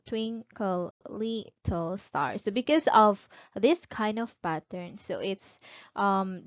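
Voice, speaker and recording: In a recorded online lecture, a woman with a mid-range voice poses questions to students and supplies the answers herself. Her reading of examples is slow and drawn out. The sound is dry, dull, and closely miked.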